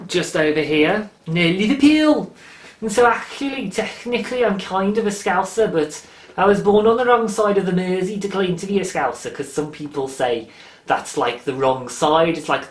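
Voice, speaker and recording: A man's voice: sits high, echoey room. A man from England hosting a podcast, chatting casually and rambling with lots of asides. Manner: rambling, chatty, self-interrupting. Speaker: podcast host. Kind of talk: casual chat.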